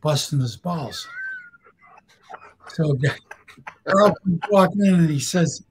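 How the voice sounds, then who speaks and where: A man with a husky, somewhat high voice spins casual, blunt stories from his past. He talks plainly and swears without a second thought. He often laughs at his own punchlines. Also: expressive, a little slow, pauses often. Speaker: guest storyteller. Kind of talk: casual storytelling.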